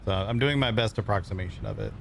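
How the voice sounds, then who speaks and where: Laid-back guy from michigan rambling to his stream, lowish voice, bit of hum in the background. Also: quick pace. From Michigan, USA. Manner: rambling, easygoing, chuckles often. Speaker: streamer and role-player. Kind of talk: casual chat with viewers.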